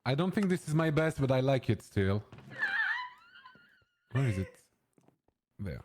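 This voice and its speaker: A man chatting casually during a game, speaking in halting, hesitant phrases. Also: medium pitch, big pitch swings, noisy background.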